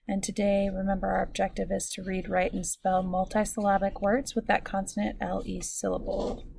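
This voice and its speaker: Slow, clear woman teaching phonics. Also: mid-range voice, level tone, darkish tone, a little hiss or hum. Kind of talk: recorded phonics lesson.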